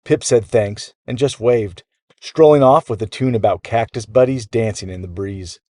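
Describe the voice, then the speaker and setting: Low-voiced man telling a bedtime story. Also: normal speed, warm tone, no room sound, studio quality. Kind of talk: children's bedtime story narration.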